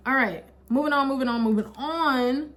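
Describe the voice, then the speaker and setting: A woman's voice: high voice, normal speed, a bit bright. A young woman casually retelling a Bible story in a slangy, chatty way, laughing often. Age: young adult. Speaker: Bible study vlogger. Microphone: camera mic.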